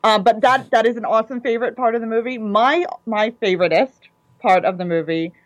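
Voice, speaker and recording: A woman's voice: on the high side, fairly quick, no echo, rough recording. A woman co-hosting a casual chat, retelling scenes with enthusiasm.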